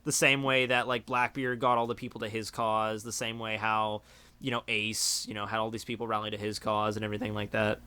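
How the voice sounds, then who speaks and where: A man's voice: lowish voice, level tone, fairly quick, bright, forceful tone, a little hiss or hum. A young man hosting a livestream, chatting casually and rambling with lots of filler words. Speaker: streamer host.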